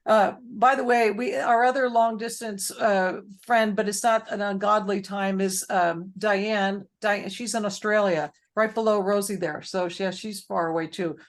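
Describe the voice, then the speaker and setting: A woman hosting a faith-based grief support group, chatting warmly with many fillers as she tells stories. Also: medium pitch, fairly even intonation, unhurried.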